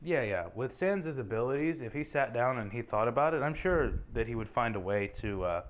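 A man's voice: medium pitch, fairly quick. A young man co-hosting a casual fan debate, rambling and stammering as he gets going. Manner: rambling, restarts and stammers when excited. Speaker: co-host.

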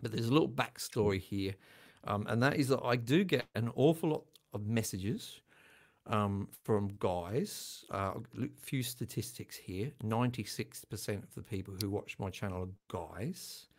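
An older man hosting a casual livestream chat, self-deprecating and quick to laugh. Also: lowish voice. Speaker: channel host.

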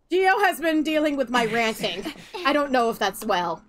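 A woman's voice: high-pitched, a bit bright. A young woman giving casual, sarcastic gameplay commentary, swearing freely and laughing often. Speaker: let's play streamer.

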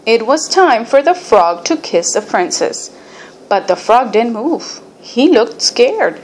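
A woman reading a children's picture book aloud in an expressive storybook manner. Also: on the high side, slight background noise. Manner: expressive, unhurried. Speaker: storybook reader.

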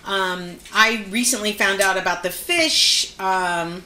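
A woman's voice: mid-range voice, slow, bright, forceful tone, reverberant, slight background noise. A woman hosting a live cooking show from her home kitchen, chatting while she explains each step.

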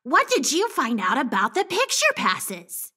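A woman voicing a cheerful male puppet friend in a children's church show, gently encouraging the kids. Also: high-pitched, wildly swooping pitch, unhurried, exaggerated voice.

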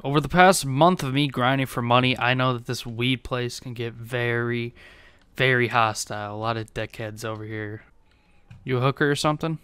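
A young man giving excitable gameplay commentary as a YouTuber, laughing often. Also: mid-range voice, normal speed, slight background noise. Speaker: gaming YouTuber. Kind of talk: gameplay commentary and role-play.

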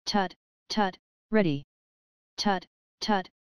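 A woman reading the part of a shrewd, wise old female fox who lectures calmly in a storybook. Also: medium pitch, extremely slow, smooth, no room sound, poor audio. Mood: lecturing. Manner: calm, lecturing, matter-of-fact.

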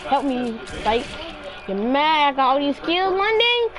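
Woman gamer, high voice, brash repetitive taunting, loud outbursts. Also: sing-song, measured pace, over a noisy crowd. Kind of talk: casual gaming chat.

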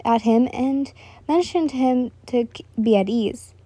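A woman reads fan fiction aloud in a relaxed, casual manner, fixing her own slips as she goes. Her voice sits a little high but sounds mellow, and the recording is dry and close. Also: a little slow, no room sound.

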